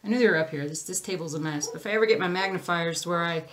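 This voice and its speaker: A woman's voice: fairly low pitch, rapid-fire, background noise. A woman hosting a crafting channel, chatting casually to the camera in a rambling, easily sidetracked way. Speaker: cross-stitch channel host.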